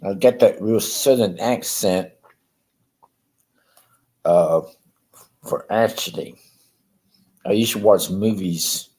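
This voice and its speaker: A man's voice: lowish voice, slow pace, pauses often, darkish tone, rough recording. A man chatting casually on a live stream about his ventriloquist act, rambling and hesitant with many fillers and restarts, chuckling often between thoughts.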